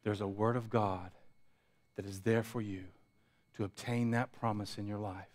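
A pastor preaching a sermon, building intensity through repetition and dropping to quiet asides. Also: male voice, lowish voice, fairly even intonation, normal speed. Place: church sanctuary.

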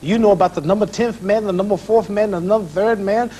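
A man's voice: sits high, fast talker, mellow, slight background noise. A man in his thirties, a boxer, needling an interviewer with boastful, rhythmic, repetitive talk in an archive TV interview.

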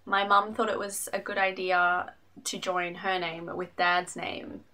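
A young woman casually reading fan letters aloud on her vlog, with lively asides. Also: lowish voice. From Australia. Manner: bubbly, reads letters aloud with quick asides. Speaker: YouTuber reading fan mail. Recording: music playing under the voice.

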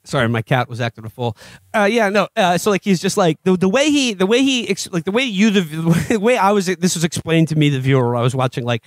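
During a casual comedy-podcast review of a TV show, a male co-host with a high, expressive voice speaks briskly, rambling, laughing frequently, restarting himself and imitating characters. The sound is dry.

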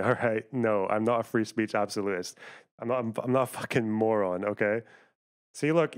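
Profane streamer arguing with chat. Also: male voice, mid-range voice, clean tone. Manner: profane, argumentative, rapid asides to chat. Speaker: livestreamer. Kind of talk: live stream commentary, reacting to chat.

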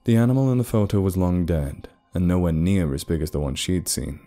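A man narrating a dramatic story in a measured storytelling voice. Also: low-pitched, mellow, soft background music.

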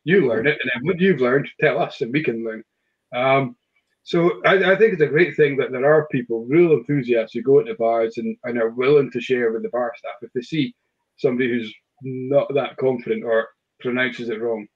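A man's voice: mid-range voice, moderate pace, husky, lo-fi sound. Man hosting a whisky chat, full of fillers. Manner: hesitant, many fillers and restarts. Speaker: whisky shop host. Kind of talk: casual online chat.

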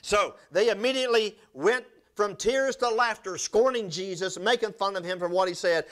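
A man's voice: normal speed, a bit bright. A man preaching a sermon, retelling scripture stories and asking the congregation for amens. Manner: storytelling preacher, calls for amens, pitch swings up and down.

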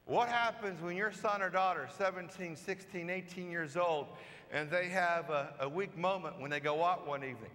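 Bright-voiced priest preaching in a church. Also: male voice, high-pitched, normal speed. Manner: storytelling, conversational, acts out quoted lines. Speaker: pastor. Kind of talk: sermon. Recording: long church reverb.

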